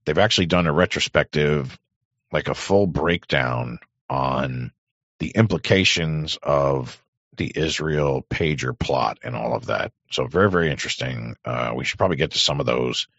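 A man hosting a talk show, rambling in crude, sarcastic casual commentary with a hoarse voice. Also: a bass voice, moderate pace, fairly bright tone, no room sound, dull audio. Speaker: podcast host.

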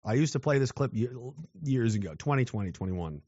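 A man ranting in a combative, profane way, often breaking into shouts. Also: medium pitch, lively intonation, brisk, dry recording. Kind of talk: profane angry rant. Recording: dull, dry lo-fi recording.

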